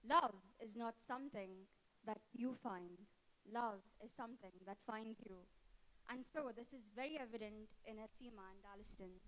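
A woman's voice: on the high side, a little slow, sharp tone, low-quality recording. Giggly teenage woman giving a wedding toast. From Dubai. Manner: giggly, teasing, many fillers. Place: indoor reception hall. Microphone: handheld microphone.

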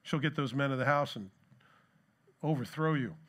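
A man's voice: mid-range voice, moderate pace, fairly bright tone. A middle-aged man giving a conversational sermon as pastor, asking the congregation rhetorical questions and telling anecdotes.

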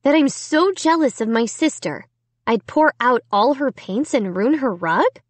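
A woman's voice: sits high, animated, measured pace, dry recording, pitched above the performer's own voice. A woman voicing a frantic young girl who insists she is innocent, in a trembling voice. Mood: anxious.

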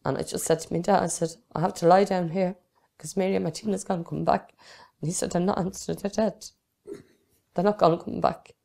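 A woman's voice: on the low side, steady tone, a little fast, gravelly, mellow. A middle-aged woman with a Dublin Irish accent, giving earnest, plain-spoken personal testimony as an interviewee.

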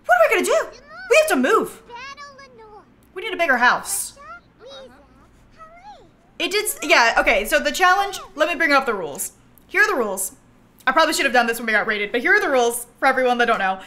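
A young woman live-streaming a life-sim game, excitable and laughing often, swinging between squeals and low mutters. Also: a little fast, pauses often.

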